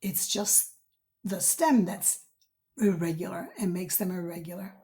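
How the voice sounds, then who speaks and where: A woman teaching as a language teacher, speaking patiently and pausing to drill each verb form one word at a time. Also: lowish voice, mellow. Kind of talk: slow instructional voice-over.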